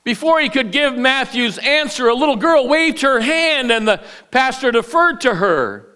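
A male pastor preaching an Easter sermon, telling a story with lively delivery and playful acted-out voices. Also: extremely high pitch, normal speed, clear, resonant tone. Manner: animated storyteller, acts out voices. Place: church sanctuary.

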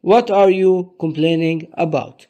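A man teaching Arabic to English speakers, saying each word slowly and explaining it one by one. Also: fairly high pitch, dark tone. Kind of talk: language lesson for learners.

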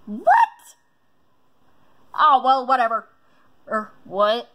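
Woman vlogger, fairly high voice, unhurried, reads quiz aloud, chatty and rambling. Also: fairly bright tone. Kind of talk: casual quiz commentary.

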